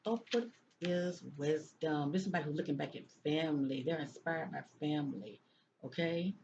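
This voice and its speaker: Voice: mid-range voice, moderate pace, a little mellow. A psychic reader going through tarot cards in a casual talk, often repeating phrases and checking in with "okay?". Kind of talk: casual tarot card reading. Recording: dull lo-fi sound with faint noise.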